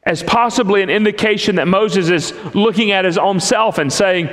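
A man preaching a sermon in an emphatic way, with long pauses between phrases. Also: high voice, a bit bright. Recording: long hall reverb.

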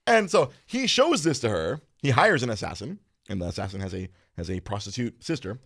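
A man hosting a podcast, chatting casually in a crude, animated way, laughing often and shouting out quoted lines. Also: mid-range voice, moderate pace, no room sound, studio quality. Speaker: podcast host. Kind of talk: casual chat.

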